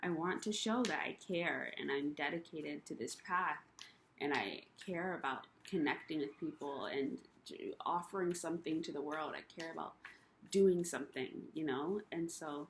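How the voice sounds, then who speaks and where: A young woman with a low, dark-toned voice talks through her frustrations in a personal vlog. She rambles and circles back, leaning on ums and you-knows, and sounds emotional and worn down. A faint hiss of noise sits under her voice. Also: moderate pace. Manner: rambling, confessional, many fillers. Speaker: vlogger. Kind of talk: personal rant to camera.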